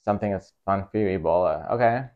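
Deadpan man with a very deep voice. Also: fast, narrow, tinny audio. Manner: dry, teasing. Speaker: comedian guest. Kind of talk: deadpan comedic banter.

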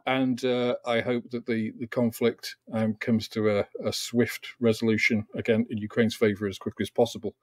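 A man's voice: mid-range voice, flat delivery, moderate pace, hardly any pauses, no room sound. A man hosting a casual interview, speaking with many ums and restarts. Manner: hesitant, many fillers and restarts. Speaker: host.

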